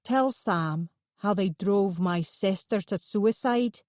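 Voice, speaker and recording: A woman's voice: mid-range voice, slow, darkish tone, no echo, studio quality, close to an everyday voice. A woman voicing a bitter, menacing male artist in an audiobook, congenial on the surface and snarling underneath.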